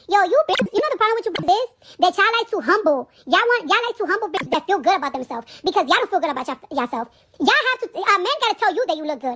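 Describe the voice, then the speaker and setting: Brash, very high, rapid-fire woman ranting. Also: sharp tone. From Caribbean. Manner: brash, profane, repeats herself. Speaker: livestreamer. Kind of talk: profane live-stream rant.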